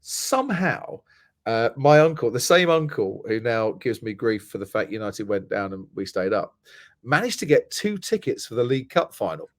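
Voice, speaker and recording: A man's voice: medium pitch, very animated, moderate pace, no room sound, clean studio sound. A middle-aged man from England, a motorsport commentator chatting as a guest and telling stories with many restarts. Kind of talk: casual podcast chat.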